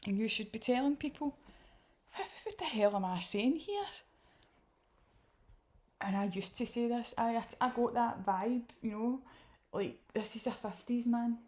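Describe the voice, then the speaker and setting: A woman's voice: fairly high pitch, animated, unhurried, a little mellow. A Scottish woman giving candid, indignant reaction commentary.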